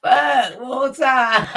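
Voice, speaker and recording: A woman hosting a reaction video, talking loudly and profanely, laughing and incredulous at what she watches. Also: high-pitched, vocal fry. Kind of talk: casual reaction commentary.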